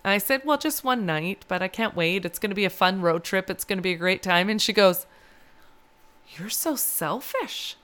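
Bright, clear-voiced chatty woman. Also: medium pitch, fairly quick, few pauses. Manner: chatty storyteller, laughs often. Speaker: podcast co-host. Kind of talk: casual chat.

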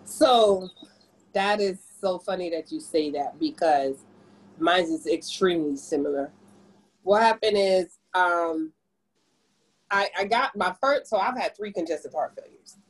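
A Caribbean woman in her forties, a business owner appearing as a podcast guest, tells her story in casual conversation. She is an animated, expressive storyteller whose pitch leaps dramatically. Her voice is husky, and the recording quality is poor.

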